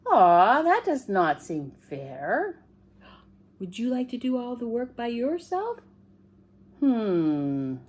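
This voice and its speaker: Slow, expressive woman reading a storybook. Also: medium pitch, slight background noise. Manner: gentle, expressive, asks the listener questions. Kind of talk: picture book read-aloud.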